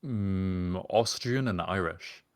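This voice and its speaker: A man's voice: low-pitched, slow pace. A man co-hosting a casual chat and narrating a role-play as game master, teasing in a dry, wry way.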